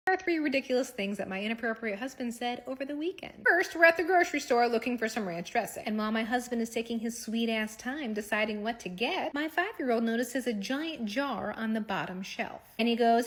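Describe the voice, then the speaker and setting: A woman in her thirties telling funny family stories in a casual, animated way, swearing freely and acting out the quotes. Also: on the high side, brisk, few pauses. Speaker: comedic storyteller. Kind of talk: casual comedic storytelling.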